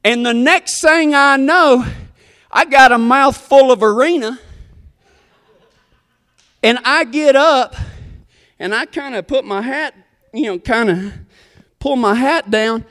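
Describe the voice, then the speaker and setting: A man's voice: very high voice, takes it slowly, pauses often, a bit bright, in a large hall. A man telling a comic story in a folksy, rambling, self-deprecating way.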